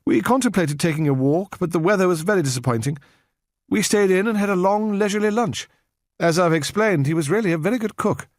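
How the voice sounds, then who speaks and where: A woman's voice: on the low side, fairly quick, no room sound, voice pushed up, lightly acted. A genteel older lady with a dated southern English accent, courteous but distant, her voice lifted well above a man's usual register, as a male narrator puts her on. She speaks in formal, old-fashioned phrases in an audiobook reading, recorded dry and close. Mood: gracious.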